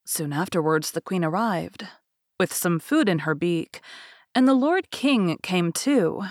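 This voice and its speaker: A woman with a fairly low voice reads a fairy tale aloud in a measured, expressive way. The sound is dry and close, with no room around it. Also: dry recording. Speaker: podcast host and reader. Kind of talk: storybook narration.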